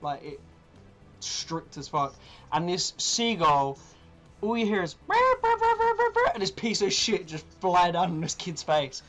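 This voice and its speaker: Crude, laughing storyteller. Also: male voice, a little high, a little slow, fairly bright tone, soft background music. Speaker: podcast co-host. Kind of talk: casual storytelling chat.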